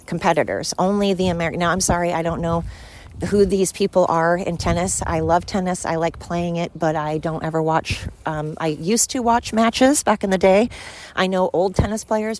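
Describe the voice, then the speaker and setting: A woman from the United States hosts a solo podcast, delivering an opinionated monologue as she rants bluntly and swears often. Her voice is on the low side and a little mellow.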